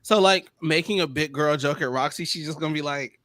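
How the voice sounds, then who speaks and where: Man, panel host, casual chat, animated, higher voice, dry close sound. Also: a little fast, dry recording. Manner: animated, laughing, retells quotes with big swings. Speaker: podcast panelist.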